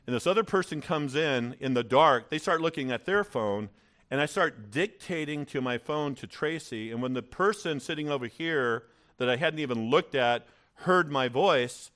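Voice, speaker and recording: A male pastor preaches to his congregation in a church, mid-pitched and animated. He tells personal stories with frequent stammered restarts, building to bursts of energy. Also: moderate pace. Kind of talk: sermon with personal story.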